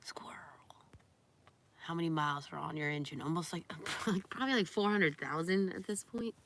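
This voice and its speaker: A woman's voice: on the low side, brisk, slight background noise. A young woman chatting casually on a live stream, reading viewer comments aloud and cooing baby talk at her dog.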